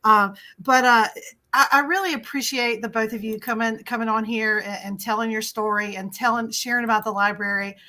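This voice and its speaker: Middle-aged woman host, high-ish and very bright, chatty and animated on a video call. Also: fairly quick. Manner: animated and chatty, trailing off and restarting. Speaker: librarian and webinar host. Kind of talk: hosting a webinar.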